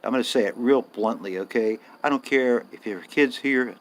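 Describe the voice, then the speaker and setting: A man's voice: mid-range voice, normal speed. Older guy ranting bluntly at the camera, fed up, swears a lot. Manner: blunt, indignant, swears freely, rising emphasis. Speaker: vlogger. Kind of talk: casual ranting monologue.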